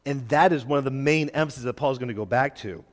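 Conversational preacher in a reverberant church. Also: male voice, medium pitch, a little fast. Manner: conversational, acts out quoted voices, jokes with the congregation. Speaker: guest preacher. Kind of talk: sermon. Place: church sanctuary.

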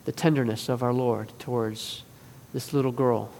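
A man preaching a sermon in an earnest way, moving between forceful and hushed delivery. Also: medium pitch, fairly even intonation, normal speed, vocal fry, a little hiss or hum. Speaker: pastor. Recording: long reverb of a large hall.

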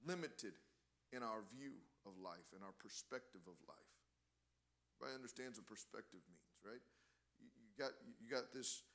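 This sermon comes from an impassioned man with a mid-range voice, who often restarts his phrases and gets louder on key words.

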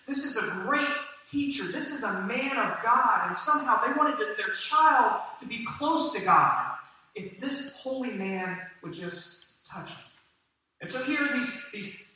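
Heard from afar in a reverberant church, a pastor with a high, bright, pushed voice delivers his sermon. He keeps it conversational, asking the congregation questions.

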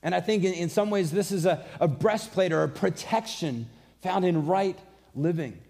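A man's voice: sits high, moderate pace, creaky, darkish tone. A man preaching a sermon, earnest and conversational, mixing scripture with personal stories. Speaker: pastor.

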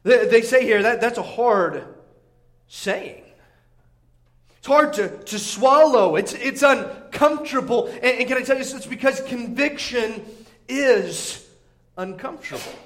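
Male preacher, very high-pitched, emphatic sermon delivery with frequent repeats. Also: animated, a little slow, a bit bright. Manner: repeats words, emphatic, acts out crowd voices.

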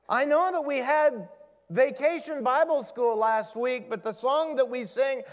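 A male pastor with a high voice delivers a sermon at an unhurried pace. He moves between casual asides to the congregation and expressive readings of scripture. A long reverb trails every phrase, as if he is in a big church hall. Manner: conversational preaching, dramatic scripture reading.

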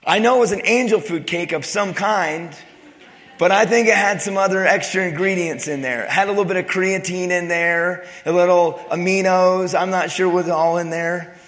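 A man preaching a sermon, retelling a scripture story with joking asides and dropping to a hush for quiet passages. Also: high-pitched, normal speed, big-room sound. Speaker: pastor.

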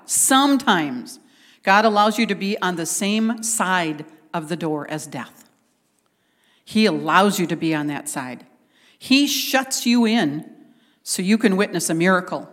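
A woman's voice: fairly low pitch, in a large hall. A woman preaching a conversational sermon, retelling scripture and acting out the quotes with animation.

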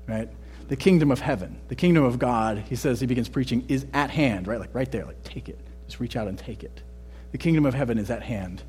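Pastor, male, from Texas, no accent. Husky, a bit higher than typical. Chatty sermon delivery. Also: darkish tone. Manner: conversational, often adds "right?".

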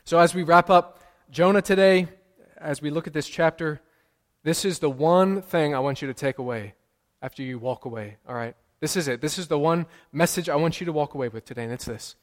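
Casting: male pastor, earnest and insistent sermon delivery, slightly high voice, church echo. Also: a little fast. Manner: emphatic, repeats key lines. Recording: long hall reverb.

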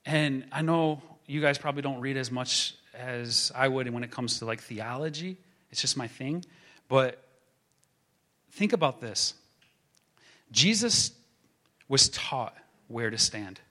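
A man preaching a sermon as a pastor, building to emphatic proclaiming and then dropping to a hushed tone. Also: mid-range voice, slow pace, long pauses.

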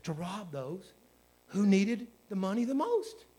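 A man's voice: sits high, big pitch swings, slow pace, dark tone, husky. A man, a pastor preaching a sermon in a folksy storytelling way that builds to fervent exhortation.

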